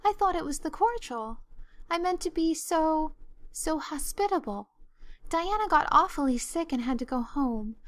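Woman doing a tearful, dramatic girl, high and breathless, storybook reading. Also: animated, moderate pace, no room sound. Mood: tearful explaining. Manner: breathless, tearful, melodramatic pleading. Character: excitable, dramatic young orphan girl.

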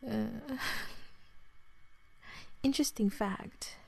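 A woman in her twenties with an Australian accent, in a whispered role-play, talking softly to the listener, rambling and apologizing. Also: fairly high pitch, drawn-out words, vocal fry, breathy edge. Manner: soft-spoken, rambling, apologetic.

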